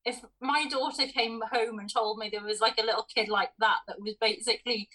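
A woman's voice: fairly high pitch, fairly even intonation, brisk, bright, forceful tone, low-quality recording. A woman, co-hosting a film podcast in casual chat, laughing often. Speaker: podcast co-host.

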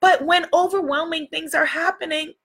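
High, bright-voiced woman coaching live. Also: steady tone, normal speed. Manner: warm, encouraging, greets viewers by name; repeats phrases for emphasis. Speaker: livestream coach.

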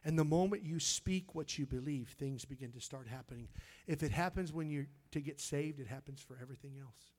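Preaching with fervor, this middle-aged man speaks briskly in a voice on the high side, leaving few pauses. He moves from loud exclaiming to hushed, almost whispered storytelling and repeats words when emotion takes hold.

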